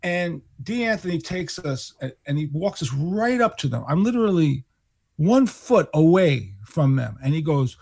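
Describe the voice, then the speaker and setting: A man in his sixties from New York, a guest musician telling animated stories and acting out the people he quotes. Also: on the high side, moderate pace, vocal fry. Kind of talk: storytelling interview.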